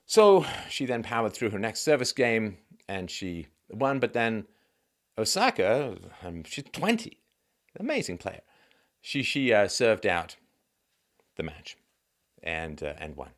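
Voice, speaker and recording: A male host delivering a monologue commentary in a sardonic, musing tone, dropping dry asides. His pitch is lively and wide-ranging, rising and falling as he talks things through. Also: slow pace.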